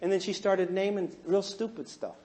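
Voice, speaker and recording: A middle-aged man with a fairly high voice holds a seminar audience with humorous stories. He mocks himself and jumps between quiet, sincere asides and loud, animated bursts. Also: moderate pace, heavy background noise. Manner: animated, jokey, self-mocking, swings from hushed to loud. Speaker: counselor giving a seminar talk. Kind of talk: humorous storytelling to a live audience.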